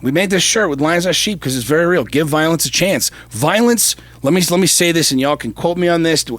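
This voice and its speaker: A man delivering a heated podcast rant in a slightly high voice, punching his points with profane repetition. He jumps between loud bursts and low, intense stretches. The sound is close and dry. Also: expressive, brisk, no echo. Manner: forceful, profane, emphatic repetition; swings from shouting to low intensity. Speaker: podcast co-host.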